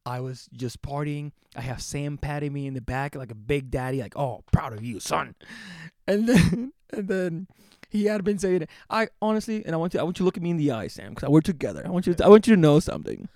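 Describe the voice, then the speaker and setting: A young man from the Philadelphia area who co-hosts the show, telling stories in an excitable, animated way, swearing and laughing as he goes. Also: a little high, quick pace, no echo, clean studio sound. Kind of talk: casual storytelling chat.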